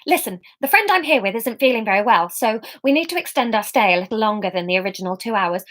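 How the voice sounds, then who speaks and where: A woman's voice: medium pitch, animated, a bit bright, lightly acted. A woman voicing a flustered, blunt young woman explaining herself in a hurry, in a storybook reading. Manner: hurried, flustered.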